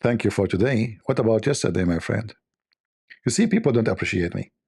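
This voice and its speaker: Male stream host, low husky voice, playful ribbing of chat. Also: lively intonation, fairly quick, a little mellow. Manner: teasing, joking, mock-offended banter. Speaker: livestream host. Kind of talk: casual livestream chat with viewers.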